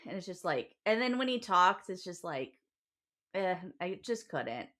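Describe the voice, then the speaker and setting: A woman's voice: on the low side, very animated, measured pace, a bit bright. Rambling woman podcast co-host. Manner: rambling, many fillers and restarts; swears casually. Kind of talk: casual book chat.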